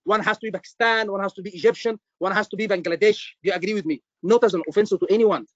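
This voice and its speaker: A medical exam tutor with a notably high voice teaches an online class over video call, speaking very fast. The sound is dry, a bit dull, with no room sound, and he's animated, repeats himself, and keeps checking that students are following.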